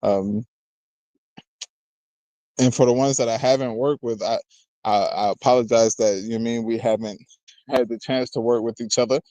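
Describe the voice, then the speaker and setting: A man's voice: medium pitch, fairly even intonation, normal speed, pauses often, mellow, dry recording, poor audio. Man rambling battle rap host, dry sound. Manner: loose and rambling, constantly asking "you know what I mean"; laughs between remarks, jokes with chat. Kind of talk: casual commentary.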